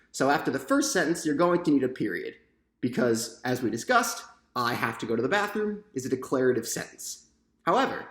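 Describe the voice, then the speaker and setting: A man's voice: medium pitch, fairly bright tone, reverberant. A man giving a sample lesson on punctuation, explaining step by step and often checking in with "right?". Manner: explanatory, asks the class questions, frequent "right?". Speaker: teacher.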